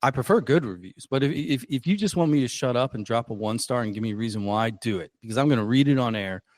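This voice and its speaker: A man's voice: medium pitch, animated, quick pace, darkish tone. A man hosting a casual podcast, rambling and self-deprecating, with lots of fillers and restarts. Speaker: podcast host.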